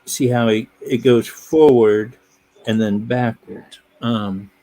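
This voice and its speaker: A man in his fifties hosting a live stream. He chats casually and easygoing, and he laughs his way through animated stories. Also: medium pitch, slow. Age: 50s. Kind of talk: casual chat.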